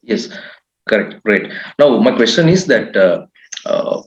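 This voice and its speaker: A man's voice: mid-range voice, big pitch swings, a little slow. Sri man on an echoey call. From Sri Lanka. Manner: questioning, repeats phrases. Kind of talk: moderating an online English chat. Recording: dull, echoey video-call audio.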